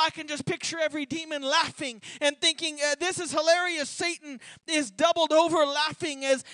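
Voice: sits high, pushed and bright, no echo. A preacher giving a sermon as a vivid dramatic retelling, often repeating words as they restart a thought.

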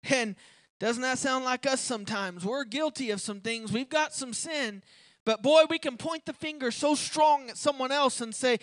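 A young adult preacher giving a sermon, talking conversationally with chuckles between points and building to forceful emphasis. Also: high voice, normal speed, no echo.

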